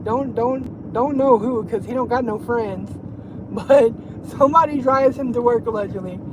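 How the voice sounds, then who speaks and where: A woman talks at a moderate pace in a slightly high voice, gossiping on a casual livestream from behind the wheel of her car. She's profane and rambling, laughing as she goes. Road noise runs behind her.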